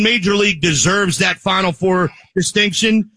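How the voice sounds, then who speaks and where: A rowdy man hosts a casual chat, his voice high and bouncing all over the place. He jokes and shouts at his co-hosts as he drinks. The sound is dry and close. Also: lively intonation, a little slow, dry recording. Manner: rowdy, joking, drinking while hosting. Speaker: podcast host.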